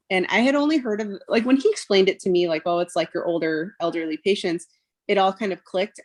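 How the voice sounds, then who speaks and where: Mom in her 30s telling her story on a podcast, kinda low voice, says like and um a lot, acts out what people said. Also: darkish tone. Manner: emotional retelling, quotes others, frequent fillers like "like" and "um". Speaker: podcast guest, mother. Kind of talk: personal storytelling.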